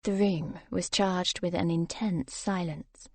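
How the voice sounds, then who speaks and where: A woman reading a romance novel aloud as narrator, soft and even in her storytelling. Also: on the low side, takes it slowly, dry recording. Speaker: audiobook narrator.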